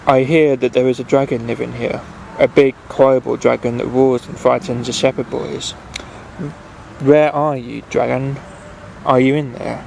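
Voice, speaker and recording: A man reading aloud and voicing a brave, kindly little traveller who asks questions in an inquisitive, gently coaxing way. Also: medium pitch, flat delivery, normal speed, creaky, a little hiss or hum, lightly acted, rough recording. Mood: curious.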